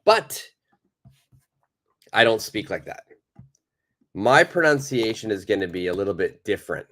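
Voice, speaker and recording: A man's voice: fairly low pitch, very animated, measured pace, a bit bright. A man teaching a live online English lesson, patiently repeating and praising viewers' answers.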